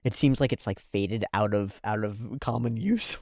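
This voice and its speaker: Excitable man doing a dry reaction commentary. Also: a little fast, gravelly, few pauses, no echo. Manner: excitable, laughs often, bursts into high loud exclamations; rambling, thinks aloud with fillers. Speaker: anime reaction host.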